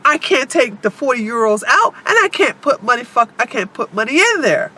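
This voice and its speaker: A high-pitched woman delivers a vlog monologue, her voice very animated and bright. She speaks bluntly and swears emphatically. She addresses her viewers directly. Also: moderate pace, slightly rough. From United States. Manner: blunt, heavily profane, emphatic. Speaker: vlogger.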